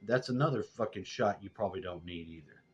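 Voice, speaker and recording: A middle-aged man telling loose, rambling stories and swearing constantly, getting loud and high when worked up. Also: a little fast, breathy edge. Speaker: vlogger. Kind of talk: rambling profane storytelling. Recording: dull lo-fi sound.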